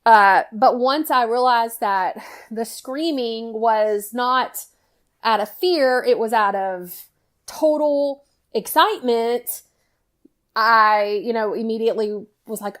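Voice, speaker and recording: A middle-aged woman tells a personal story in casual chat, animated and full of "you know" fillers. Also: fairly high pitch, takes it slowly. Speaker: guest storyteller, mother.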